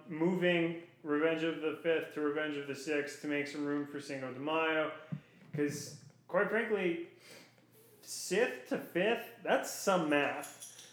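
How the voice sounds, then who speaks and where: Playful rambling podcast guy, roomy sound. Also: a little high. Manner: animated, playful, rambling asides. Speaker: podcast co-host. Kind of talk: casual podcast chat. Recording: roomy echo. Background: dog heard at times.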